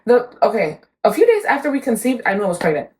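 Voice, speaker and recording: A woman's voice: a little high, sing-song, fast talker, a little mellow, slight background noise, poor audio. A young woman chatting casually, chiming in with short reactions and telling her own story with offhand swearing. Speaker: podcast co-host. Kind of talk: casual chat.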